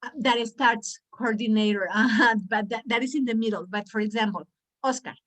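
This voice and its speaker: A woman's voice: a little high, steady tone, moderate pace, fairly bright tone. A woman whose first language is Spanish, teaching English pronunciation in an online class and exaggerating sounds to demonstrate them.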